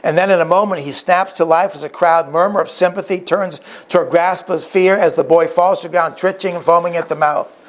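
A male preacher with a fairly high voice retells a story vividly in his sermon. He often restarts and throws in asides as he goes. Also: fairly even intonation, fairly quick, few pauses.

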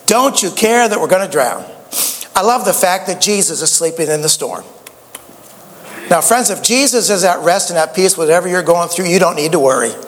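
A man's voice: high-pitched, in a large hall. A man preaching a sermon, a folksy storyteller who often stammers and restarts his sentences. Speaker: pastor.

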